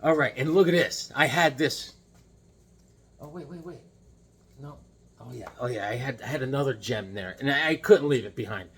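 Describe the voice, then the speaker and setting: A man's voice: medium pitch, moderate pace, long pauses, fairly bright tone. A man chatting casually and enthusiastically about his comic finds, rambling and joking as he goes. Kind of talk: casual chat.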